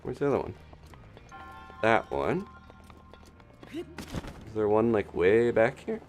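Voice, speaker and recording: A man casually commentating his own gameplay on a live stream, chatting and thinking aloud with quick little laughs. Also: lowish voice, huge pitch swings, a little mellow, soft background music. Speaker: gaming streamer.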